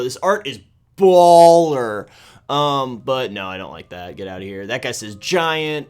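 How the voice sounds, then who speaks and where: Male gaming host, mid-range voice, loose sarcastic commentary with sudden loud and soft swings. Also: medium pitch. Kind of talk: casual video game commentary.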